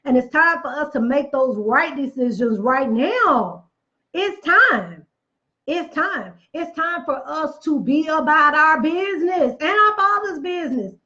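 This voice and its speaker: A woman's voice: high voice, expressive, measured pace, pushed and bright, lo-fi sound. A woman giving a casual motivational talk, emphatic and preachy, repeating phrases for effect, with chatty folksy asides. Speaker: motivational speaker.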